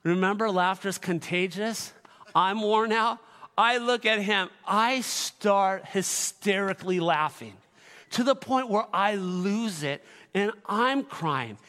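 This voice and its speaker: A middle-aged man preaching a sermon in a church, telling stories animatedly and building to shouted exhortation. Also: high voice, takes it slowly. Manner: animated storytelling with laughter, rising to shouted exhortation. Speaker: pastor. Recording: echoey church hall.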